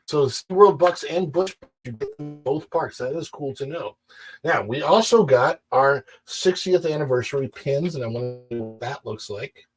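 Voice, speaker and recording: A man's voice: medium pitch, darkish tone, husky, low-quality recording. A man hosting a casual livestream from home, chatting to viewers in a rambling, self-correcting way. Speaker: livestream host.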